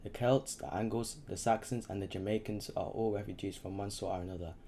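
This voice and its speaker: A man reading a novel aloud in a halting way, with slips and restarts. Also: on the low side, steady tone, dark tone, slight background noise. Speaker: reader.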